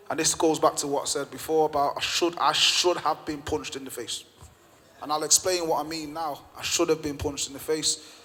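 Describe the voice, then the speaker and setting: A man's voice: fairly high pitch, a bit bright. A man, a gym owner and podcast guest, telling a story with passionate emphasis and repeated phrases. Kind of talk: storytelling in conversation. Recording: long reverb.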